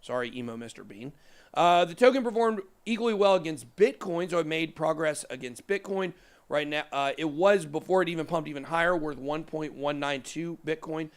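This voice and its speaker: A man's voice: on the high side, a little fast, clean tone. A man in his thirties hosting a casual crypto show, rambling through price charts with joking, self-deprecating asides. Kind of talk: casual chat over live price charts.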